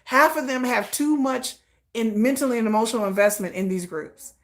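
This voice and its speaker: A woman's voice: a little high, moderate pace. A woman hosting a casual livestream, ranting with profanity and acting out dramatic quoted voices. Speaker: livestream host.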